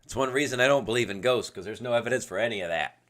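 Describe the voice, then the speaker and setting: A man's voice: medium pitch, very fast, a bit bright. A man hosting a casual solo livestream podcast at his computer webcam, rambling and going off on tangents. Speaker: podcast host. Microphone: webcam setup at a computer.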